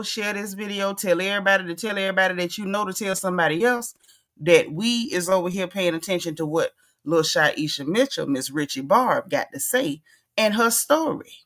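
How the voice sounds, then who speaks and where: A woman's voice: mid-range voice, brisk, fairly bright tone. A woman hosts a casual commentary chat. She drawls her words and talks to her viewers in a folksy, playful way, throwing in asides. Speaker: commentary vlogger reacting to a clip.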